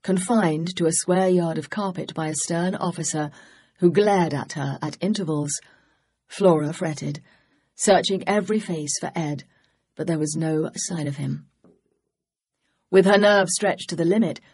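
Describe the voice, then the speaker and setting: An audiobook narrator reading a mystery novel in a steady, measured way. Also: mid-range voice, husky. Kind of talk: scripted narration.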